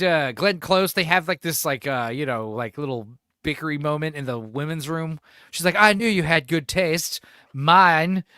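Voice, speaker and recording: A man's voice: fairly high pitch, bright, forceful tone, clean tone, no room sound, studio quality. A man hosting a podcast, rambling and profane in casual chat, laughing often. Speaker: podcast host.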